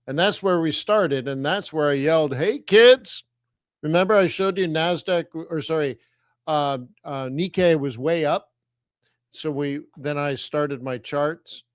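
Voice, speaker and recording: A middle-aged man hosting a live trading stream, talking to viewers in an energetic, teasing way as he walks them through charts. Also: mid-range voice, clean tone, dry recording, studio quality. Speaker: forex trading host.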